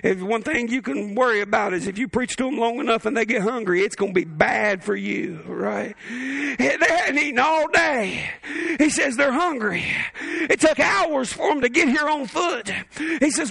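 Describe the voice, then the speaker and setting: Give me a bright, forceful male pastor preaching a fervent sermon with humorous asides. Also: very high-pitched, normal speed, creaky, husky, no echo.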